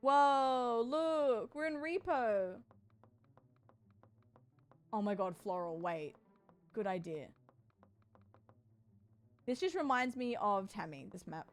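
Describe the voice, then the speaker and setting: A woman's voice: on the high side, lively intonation, slow, long pauses. A woman streaming, chatting casually with viewers in a bubbly, playful way. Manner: bubbly and playful, talks to chat. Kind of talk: casual sponsored livestream chat.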